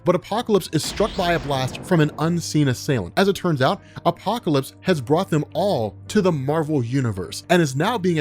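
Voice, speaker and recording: A man casually narrating a comic story recap in a chatty, self-mocking way. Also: on the high side. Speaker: comics explainer.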